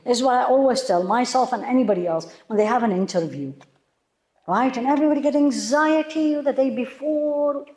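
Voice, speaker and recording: A woman's voice: on the high side, a little mellow, roomy sound. A woman teaching a religious lecture to a room of women, emphatic and full of rhetorical questions to her listeners. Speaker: Islamic teacher.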